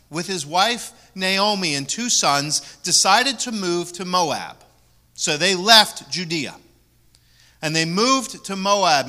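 A man preaching a sermon as pastor, repeating key words for emphasis and moving between loud stresses and soft asides. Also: high-pitched.

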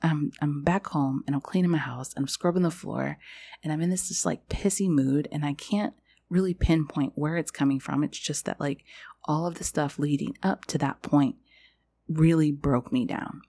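Low husky woman, rambling podcast talk. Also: moderate pace, mellow. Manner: rambling, confessional, heavy use of "like". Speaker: podcast host. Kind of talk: casual spiritual podcast monologue.

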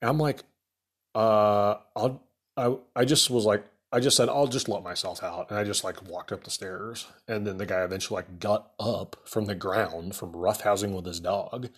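A man's voice: fairly low pitch, fairly even intonation, moderate pace, breathy edge. A man, a remodeling contractor, telling a rambling, exasperated story about a bad client job, with lots of fillers. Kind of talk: casual storytelling rant.

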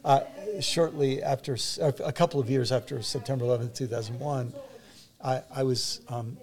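Gravelly older man telling stories. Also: medium pitch, steady tone, normal speed, a little mellow. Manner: earnest, anecdotal, many fillers and restarts. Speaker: author and public theologian, guest. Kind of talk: reflective interview storytelling.

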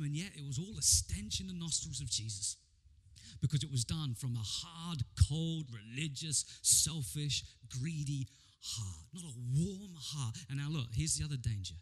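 Male pastor, husky voice, fairly high pitch, lively sermon storytelling with stammered repeats.

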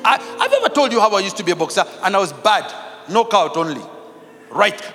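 A man preaching as a pastor, telling stories and acting out the dialogue, shouting for emphasis. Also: high voice, very animated, fairly quick. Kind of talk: preaching with storytelling. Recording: large hall with reverb, faint music.

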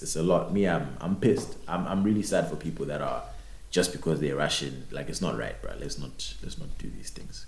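A young man chatting casually as a podcast host, swearing and repeating words as he tells an animated story. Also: low-pitched, gravelly. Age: young adult. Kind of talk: casual chat. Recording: roomy echo.

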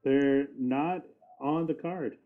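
A man's voice: medium pitch, slow, narrow, tinny audio. A man co-hosting a casual wrestling podcast, joking around, laughing often and swearing casually over a remote call. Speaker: podcast co-host.

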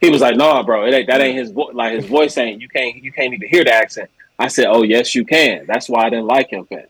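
A man's voice: mid-range voice, brisk, fairly bright tone, husky, dry recording. A man co-hosting a podcast, talking emphatically and repeating himself in casual chat. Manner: emphatic, repeats himself, laughs through stories. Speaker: podcast co-host.

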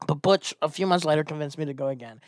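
A man, a stand-up comedian, telling a casual, animated story and acting out the people in it. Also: fairly high pitch, quick pace, no room sound, clean studio sound. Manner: animated, acts out quoted voices.

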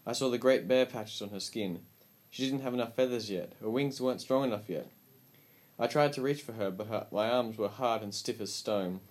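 A man reading a story aloud as an audiobook narrator, with calm, measured storytelling. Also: medium pitch.

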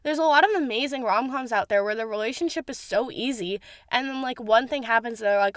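A woman's voice: fairly high pitch, brisk, dry recording, studio quality. A young woman reviewing a series in a casual, gushing way, full of "like" and the odd swear word. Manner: gushing, animated, heavy use of "like", swears casually. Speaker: show reviewer.

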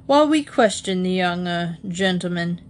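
A woman with a lowish, lively voice at a moderate pace, close to how she'd normally talk, plays a firm, officious male customs official who speaks formally. There's a slight hiss or hum on the recording.

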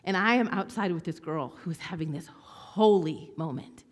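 A woman preaching a sermon from a church stage, telling stories with lively swings between hushed whispers and bright exclaiming. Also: on the low side, normal speed, big-room sound.

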